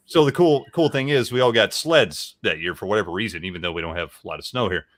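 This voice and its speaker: A man's voice: fairly low pitch, expressive, quick pace, no echo. A man from Tennessee telling a story in a rambling, casual way with lots of fillers. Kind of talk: casual chat.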